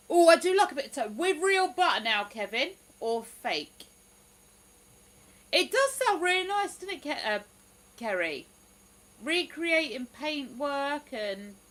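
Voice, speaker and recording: On a rough recording, a woman with a sharp tone and mid-range voice hosts a livestream. She chats loosely, reads out viewer comments, and keeps exclaiming, with plenty of "ooh."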